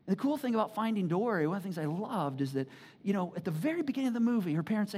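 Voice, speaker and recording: A preacher giving a sermon in a conversational, animated way, with frequent asides that check in with the listeners. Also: racing, slight background noise. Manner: swings between low asides and loud excited bursts.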